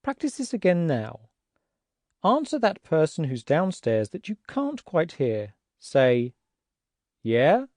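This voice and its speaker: A man narrating an audiobook language lesson, patient and clear, acting out example words to show how tones rise and fall. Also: fairly high pitch, wildly swooping pitch, unhurried, darkish tone, no echo, studio quality.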